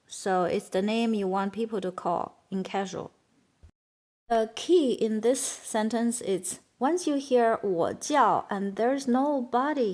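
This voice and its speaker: A woman's voice: mid-range voice, a little mellow. A woman teacher with a Chinese accent, a native Chinese speaker, explaining a beginner language lesson and repeating words carefully.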